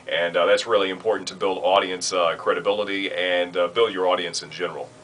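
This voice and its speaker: Low-voiced man teaching radio basics. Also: steady tone, quick pace, fairly bright tone, a little hiss or hum, poor audio. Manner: conversational, many "uh" fillers. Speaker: radio station trainer. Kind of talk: instructional talk.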